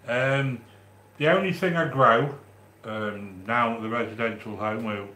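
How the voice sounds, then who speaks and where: A man from the English Midlands with a Midlands accent, hosting a live stream and chatting warmly with viewers as he reads their comments, with frequent restarts. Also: mid-range voice, a little slow, roomy sound. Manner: chatty and affectionate, with many restarts. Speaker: livestream host reading chat. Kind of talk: casual live-stream chat.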